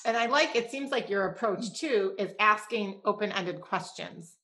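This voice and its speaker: A woman's voice: mid-range voice, animated, normal speed, a bit bright, low-quality recording. A woman hosting a casual podcast interview, summing up and affirming what her guest says. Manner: sums up the guest's points and affirms them. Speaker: podcast host.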